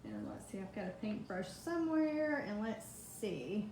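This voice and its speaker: A woman's voice: mid-range voice, wildly swooping pitch, unhurried, noisy background. A woman chatting through a live craft demonstration, greeting viewers by name from her home kitchen. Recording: echoey kitchen, faint ambience.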